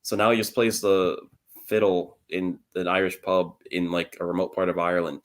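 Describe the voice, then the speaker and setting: A young man with a low, deep voice chatting casually on a podcast. He rambles through long stories, laughs often and drops the odd swear word. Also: little pitch movement, moderate pace. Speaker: podcast co-host. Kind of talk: casual chat.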